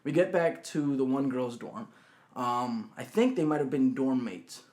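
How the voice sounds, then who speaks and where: A young man telling a college story in a casual chat, animated and swearing freely. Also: mid-range voice, a little slow. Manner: animated, swears freely, acts out quotes loudly. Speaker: podcast co-host.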